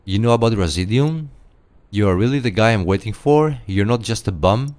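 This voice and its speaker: A man's voice: lowish voice, expressive, normal speed, lightly acted. A man voicing a pompous knight of a secret order in a video game, grandiose and theatrical, slipping into game-show host patter. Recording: game audio over loud music.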